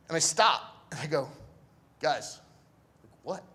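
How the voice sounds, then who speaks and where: A man's voice: fairly high pitch, lively intonation, slow, pauses often, bright, forceful tone. A young man telling a personal story to a live audience, laid-back and joking, acting out the people in it. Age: young adult.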